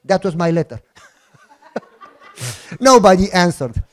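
A middle-aged man with a Romanian accent, a pastor telling a story in a sermon, animated and joking as he acts out the dialogue. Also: high voice, slow.

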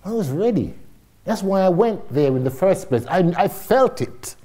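A middle-aged Jamaican man speaks as a guest to a live audience, telling his story with animation, frequent laughter and casual swearing. His voice is high-pitched and his pace moderate.

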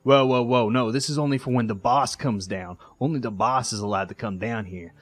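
A man's voice: medium pitch, brisk, close to an everyday voice. A man voicing a bossy guard who insists on the rules. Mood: insistent.

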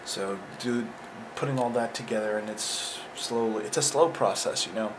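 Speaking at a normal speed with a fairly low pitch, this young man vlogs about his day in a loose, talkative way, often poking fun at himself. The recording carries noisy background sound.

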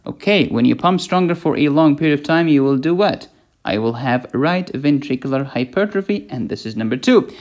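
A man's voice: on the high side, expressive, fairly quick, a little mellow. A man giving a playful medical lecture, asking questions and answering them himself. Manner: playful, asks and answers his own questions.

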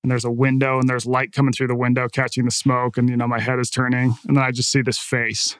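A man, an author and podcast guest, telling stories in a casual, animated way with lots of "like" and "right?". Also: mid-range voice, fast, clear, resonant tone, no echo. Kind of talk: conversational storytelling.

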